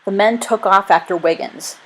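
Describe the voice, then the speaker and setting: A woman's voice: medium pitch, normal speed, poor audio. Woman reading a storybook aloud. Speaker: narrator.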